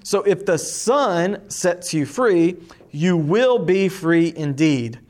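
Man reading scripture slowly to a class. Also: sits high, lively intonation, darkish tone. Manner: slow, deliberate reading with emphatic rises. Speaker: teacher.

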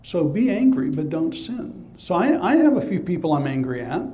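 A man's voice: fairly high pitch, very animated, normal speed, mellow. A man preaching a sermon as pastor, emphatic and conversational, asking rhetorical questions and answering them himself.

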